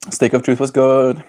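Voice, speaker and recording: Creaky and dark in tone, a mid-range male voice with a South African accent drifts through casual livestream chat. He rambles, chuckles a lot, and responds to comments from his viewers.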